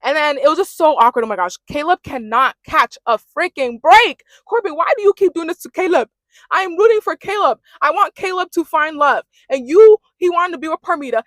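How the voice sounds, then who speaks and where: A woman's voice: sits high, dry recording, studio quality. A young woman giving a casual, sassy rant recapping a reality dating show and mimicking the cast as she goes.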